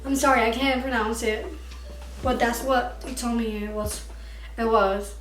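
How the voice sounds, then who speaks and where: A woman's voice: fairly high pitch, fairly even intonation, a little slow. A young woman vlogger candidly telling a personal story to camera, emotional and tearful at times. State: crying at times. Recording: echoey room, far from mic, faint music.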